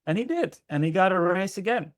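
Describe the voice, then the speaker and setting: A man's voice: high voice, lively intonation, a little fast, no echo. A man working as a relationship coach, talking bluntly and emphatically with frequent swearing in an interview. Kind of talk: candid interview conversation.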